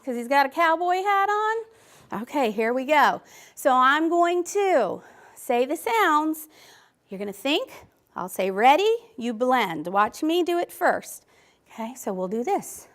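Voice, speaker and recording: Slow-speaking woman teacher, higher voice. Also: big pitch swings, fairly bright tone. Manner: sounds out letters slowly and clearly, coaxing. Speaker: first grade teacher. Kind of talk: classroom teaching and interview commentary. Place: elementary classroom.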